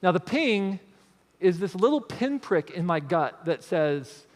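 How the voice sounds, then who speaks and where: A man with a notably high voice gives a motivational talk from a stage, telling stories in a lively, conversational way. He keeps checking in with the listeners as he goes. His voice carries a long reverb, as if filling a large hall. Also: unhurried. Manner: storytelling, with frequent tag questions. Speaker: speaker on creativity.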